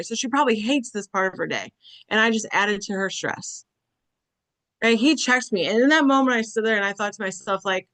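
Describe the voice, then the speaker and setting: A woman's voice: a little high, a bit bright. A middle-aged woman giving a motivational talk on grief, speaking candidly and conversationally, often checking in with "right?" and "okay?". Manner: candid, self-deprecating storytelling. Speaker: conference speaker.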